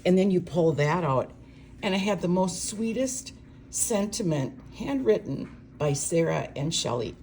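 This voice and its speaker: Older lady showing off stamping cards, low voice, chatty and emotional, little bit of background hiss. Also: lively intonation, unhurried, darkish tone. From Minnesota, USA. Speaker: craft demonstrator. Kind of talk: card-making tutorial.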